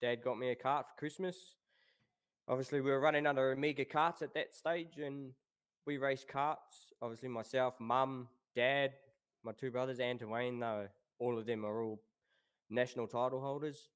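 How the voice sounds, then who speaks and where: A man in his thirties with a New Zealand accent, chatting as a guest about his racing past in a relaxed way. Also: medium pitch, normal speed, smooth. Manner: relaxed, laid-back, says "obviously" and "um" often. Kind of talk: casual interview chat.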